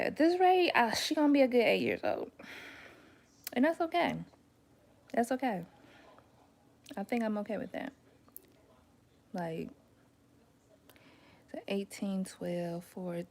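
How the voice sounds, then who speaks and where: A woman's voice: medium pitch, darkish tone. A young woman chatting casually as a mom, telling stories with slangy asides and frequent laughter. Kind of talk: casual chat.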